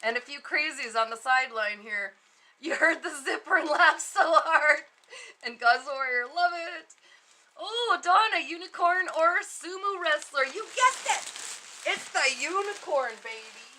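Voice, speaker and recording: A woman's voice: high voice, expressive, a little slow, bright, forceful tone. A woman hosting a casual livestream, laughing often as she reads out viewer comments. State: muffled inside an inflatable costume at times. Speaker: psychic livestream host.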